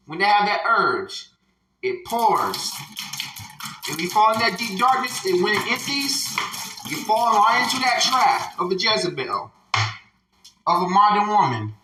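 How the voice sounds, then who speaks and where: Man, bright sharp tone, preachy commentary, slow repetitive delivery, roomy echo. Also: sits high, sing-song. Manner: slow, emphatic, repeats phrases. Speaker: commentator reacting to a clip.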